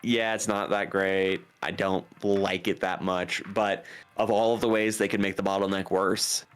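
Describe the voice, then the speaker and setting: A man's voice: deep voice, flat delivery, normal speed, clear, resonant tone, faint music behind. A man co-hosting a casual gaming podcast, stating his opinions plainly and firmly. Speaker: co-host.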